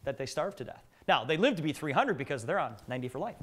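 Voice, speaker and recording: A man's voice: fairly high pitch, big pitch swings, fast talker, a bit bright, slight background noise. A middle-aged man giving a live business presentation to an audience, telling joking stories and putting questions to the room.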